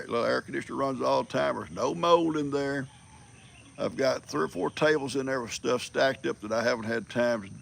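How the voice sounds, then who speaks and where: An older man with a deeply gravelly, crackling voice holds forth in a rambling, folksy livestream chat. His tone is bright and forceful, and he tells his stories with easy chuckles. Faint noise sits under his voice. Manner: folksy storyteller, chuckles often. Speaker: livestream host.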